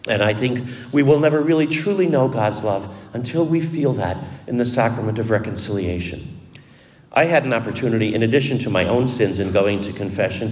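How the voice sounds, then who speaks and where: A man's voice: mid-range voice, a little mellow. A middle-aged man, a Catholic priest, telling a personal story in a homily in an earnest, conversational way. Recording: long reverb, as in a large hall.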